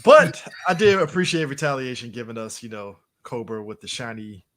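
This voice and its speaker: A man co-hosting a live podcast, chatting casually, laughing often and slipping into quick impressions. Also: medium pitch, big pitch swings, fairly bright tone. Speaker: podcast co-host. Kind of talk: casual chat, live show.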